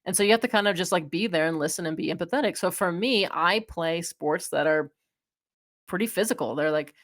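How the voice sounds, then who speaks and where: A woman in her thirties, a chiropractor, hosts a solo advice podcast, talking frankly and casually with plenty of fillers. Her voice is fairly low and her pace fairly quick.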